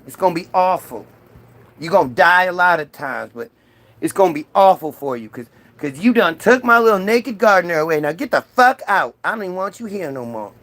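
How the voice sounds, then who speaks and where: A man voicing a furious, petty male God who shouts crude, slangy complaints. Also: high voice, pitched above the performer's own voice.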